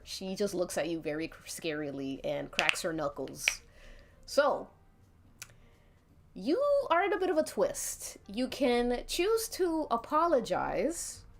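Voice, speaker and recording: A woman narrating a tabletop game as game master on a live stream, chatty and laughing often. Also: mid-range voice. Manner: giggly, chatty.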